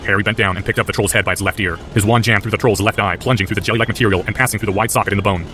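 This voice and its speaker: A man reads a story aloud at a very fast clip, intense and driven. His voice sits on the low side. Soft music plays under the narration. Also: fairly even intonation. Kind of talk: audiobook narration of fan fiction.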